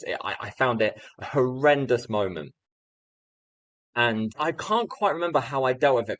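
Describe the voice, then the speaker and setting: A man in his thirties from the UK, a guest telling a teaching story in animated anecdotal style. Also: mid-range voice, no room sound, poor audio. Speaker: guest speaker. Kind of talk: storytelling in a podcast interview.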